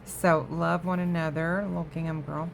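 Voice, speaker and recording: A woman's voice: sits low, little pitch movement, moderate pace, creaky, a little hiss or hum. A woman hosting a crafting vlog from her home craft room, chatting casually to viewers and easily sidetracked. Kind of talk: casual show-and-tell chat.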